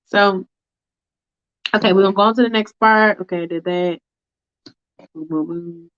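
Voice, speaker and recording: A woman's voice: medium pitch, measured pace. A woman casually reading her fanfiction aloud, with chatty asides to listeners. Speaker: storyteller host. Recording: dull lo-fi recording.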